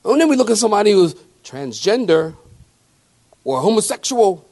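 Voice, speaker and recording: A male pastor preaching a sermon in a folksy, conversational way, with call-and-response asides to the congregation, moving between slow emphatic scripture lines and quick joking remarks. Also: sits high, big pitch swings, darkish tone.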